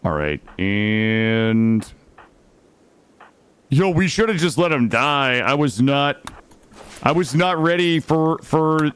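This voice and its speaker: Speaking slowly with long pauses, this young streamer gives live commentary on a video game, shifting between quiet mumbling and sudden panic. His mid-range voice is animated, a bit bright and smooth, captured by a studio mic.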